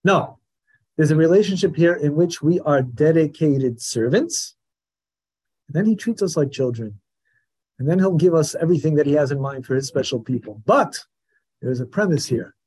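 A man teaching a Torah class in a lively lecturing manner, acting out the voices of the people he describes. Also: on the high side, moderate pace, breathy edge. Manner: animated, acts out the questioner's voice.

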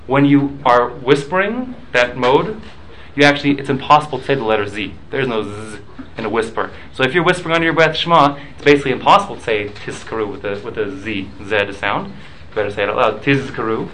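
A man lectures a small Talmud class at an easy, conversational pitch. He halts, repeats words and restarts as he explains each rule with examples. A faint noise sits under the recording. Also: expressive, fairly quick, a bit bright, rough recording. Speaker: Torah class teacher.

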